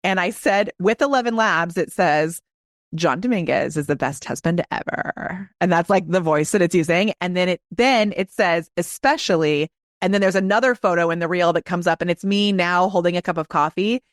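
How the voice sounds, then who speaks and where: A woman's voice: on the low side, no echo, clean studio sound. A woman guest on a podcast, telling stories in an enthusiastic, casual way. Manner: enthusiastic, quick storytelling. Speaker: guest, video marketing expert.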